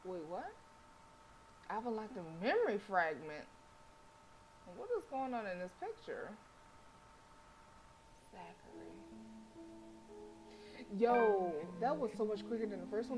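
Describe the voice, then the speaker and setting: A woman streaming a horror visual novel, reading the game text aloud and chatting with viewers in a lively, talkative way. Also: medium pitch, moderate pace, pauses often. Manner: chatty, animated, vents to chat. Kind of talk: casual game stream with read-aloud narration. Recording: music playing behind.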